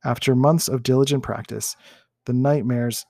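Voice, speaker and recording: Male podcast host, gravelly voice, dry close sound, measured reading, small self-corrections. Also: medium pitch, steady tone, darkish tone, dry recording. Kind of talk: reading a case study aloud.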